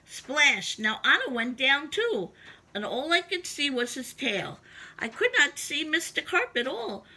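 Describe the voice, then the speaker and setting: Bright, expressive woman reading a children's story. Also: high voice, measured pace. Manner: expressive, with sing-song emphasis. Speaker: storybook reader.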